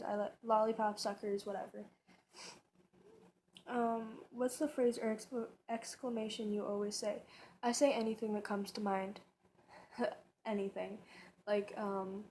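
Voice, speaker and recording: A woman's voice: mid-range voice, darkish tone, slight background noise. A woman vlogger talking casually in her bedroom, rambling and chatty, with lots of fillers and restarts. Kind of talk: casual tag video chat.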